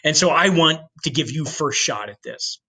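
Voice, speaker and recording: A man playing an eager explorer making a sales pitch. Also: animated, sharp tone, slightly rough, full character voice. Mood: persuasive. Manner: earnest, salesman-like, talks fast. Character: eager explorer pitching a plan, male, adult, persuasive.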